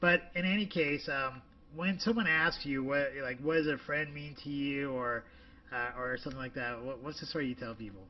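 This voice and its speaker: A man in his forties co-hosting a casual podcast, talking in a rambling, halting way full of fillers. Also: mid-range voice. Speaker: podcast co-host. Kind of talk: casual chat. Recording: distant lo-fi podcast audio.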